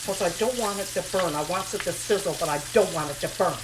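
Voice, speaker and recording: A woman chatting casually as she cooks in her home kitchen, repeating her phrases and talking to herself in a slightly hushed voice. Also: fast talker, background noise. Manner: talking a little low and hushed. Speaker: home cooking vlogger. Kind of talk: casual cooking chat to camera. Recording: home kitchen recording, audible pan sizzle. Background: frying pan sizzling.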